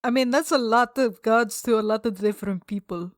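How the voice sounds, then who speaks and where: A woman playing in a tabletop game, playful and joking, quick to laugh. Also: a little high. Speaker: player. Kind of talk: casual tabletop play.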